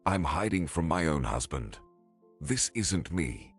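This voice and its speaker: A man voicing a nervous married mother who pleads and makes excuses, in a low, husky voice. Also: big pitch swings, takes it slowly, faint music behind, full character voice. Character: anxious married mother caught by ex-lover.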